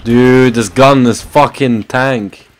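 A man with a Belgian accent giving casual gameplay commentary, his voice a little sore from a cold, swearing freely and breaking into excited outbursts. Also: mid-range voice, slow pace. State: has a cold, slightly sore voice. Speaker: gaming channel host.

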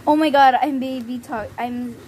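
A woman's voice: sits high, fairly even intonation, moderate pace, darkish tone, low-quality recording. A young woman from the Philippines chatting casually while playing a video game, easily flustered. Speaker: gamer. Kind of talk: casual gameplay commentary. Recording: faint background noise.

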